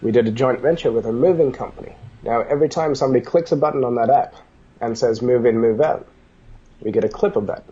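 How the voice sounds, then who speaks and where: A man telling business stories in a casual interview, animated, acting out the dialogue as he goes. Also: mid-range voice, quick pace, breathy edge, muffled recording. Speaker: business guest.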